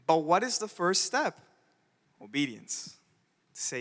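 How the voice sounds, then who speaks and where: Bright-voiced male pastor in a reverberant hall. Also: on the high side, moderate pace. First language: Spanish. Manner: animated storytelling, acting out quoted voices. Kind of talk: sermon. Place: church sanctuary. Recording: church hall with long reverb.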